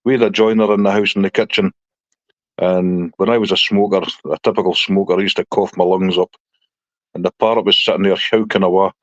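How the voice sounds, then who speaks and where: A man's voice: low voice, fairly even intonation, brisk, no room sound, dull audio. A man hosting a live stream, telling blunt, sweary stories in casual chat and laughing often.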